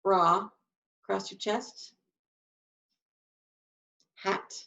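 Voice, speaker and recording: A woman's voice: medium pitch, steady tone, drawn-out words, vocal fry, sharp tone. A woman teaching a sign language class, explaining signs and acting out emotions with her voice. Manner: demonstrative, acts out emotions with her voice. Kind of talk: live class instruction. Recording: distant mic, dull lo-fi sound.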